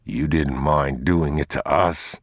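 A grim, hard father, voiced by a man in an audiobook, giving cold and clipped orders in a very deep voice. He speaks slowly, close to the mic in a dry room. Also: steady tone, no echo, full character voice. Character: hard, grim father protecting his son.

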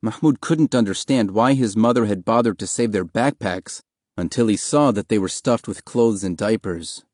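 A man narrating an audiobook in a steady, measured storytelling manner, recorded on a close studio mic. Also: lowish voice, no room sound.

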